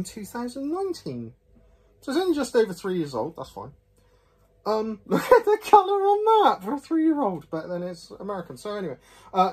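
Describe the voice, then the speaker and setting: Husky, lively man rambling. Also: sits high. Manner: rambling, jokey, self-mocking, with many fillers. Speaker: whisky reviewer. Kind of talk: casual video review.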